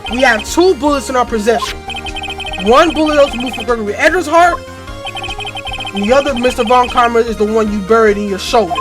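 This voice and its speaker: Woman reading out a young lawyer dude laying out evidence, calm and steady, music in the back. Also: a little high, lightly acted. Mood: determined. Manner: measured, explanatory reading of dialogue. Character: confident young male defense attorney.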